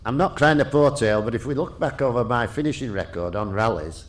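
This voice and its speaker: A man's voice: medium pitch, a little fast. Older man telling stories. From Yorkshire. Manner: lively storyteller who laughs often and restarts sentences. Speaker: guest, retired rally driver. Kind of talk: casual anecdotal storytelling.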